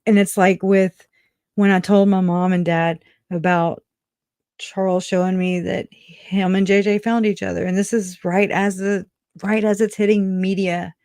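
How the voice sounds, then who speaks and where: A speaker on a casual livestream who talks in a halting, reflective way, often restarting sentences and laughing softly. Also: medium pitch, smooth, no room sound, clean studio sound.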